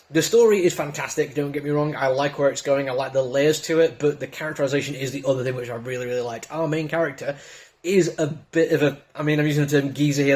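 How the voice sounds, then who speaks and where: A man with a southern English accent giving a casual, enthusiastic comic book review full of chatty asides. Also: on the high side. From Britain.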